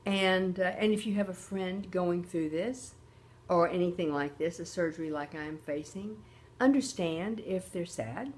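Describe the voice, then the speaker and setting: A woman's voice: fairly low pitch, measured pace, a little mellow. An older woman hosting a casual makeup tutorial, chatty and often checking in with her viewers. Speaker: host.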